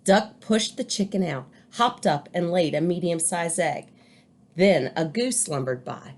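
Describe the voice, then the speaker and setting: A woman teacher reads a picture book aloud to children at an unhurried pace. Her voice rises and falls widely as she tells the story. She drops in chatty asides between pages. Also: on the low side, animated. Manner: chatty asides while reading.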